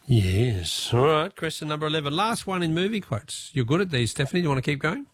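A man hosting a radio quiz, brisk and chatty, reading out listener messages. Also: fairly high pitch, big pitch swings.

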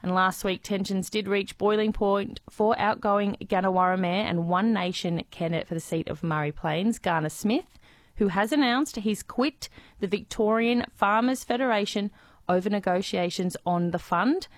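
A woman's voice: mid-range voice, no room sound. Australian woman reading the news, dry sound. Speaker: radio news presenter. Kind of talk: scripted news read.

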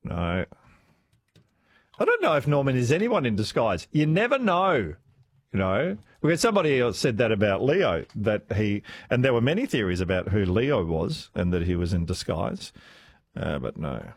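A man's voice: fairly low pitch, big pitch swings, normal speed. A man hosting talkback radio, chatting with callers in a laughing, friendly way. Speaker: radio host.

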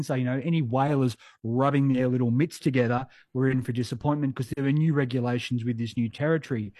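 A man's voice: medium pitch, a little mellow, no echo. A man with an Australian accent telling history stories in a witty, casual way as a regular radio guest. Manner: witty, storytelling. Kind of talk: casual chat.

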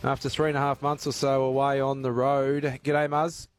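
A man's voice: mid-range voice, completely flat delivery, moderate pace. A man with an Australian accent hosting talkback radio, chatty with many filler sounds. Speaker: radio host.

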